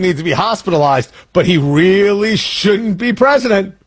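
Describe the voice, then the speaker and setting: Brief: male show host, husky and high-pitched, combative, swinging pitch in his political rants. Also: big pitch swings, normal speed, hardly any pauses. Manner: emphatic, combative, ranting. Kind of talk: opinionated political commentary.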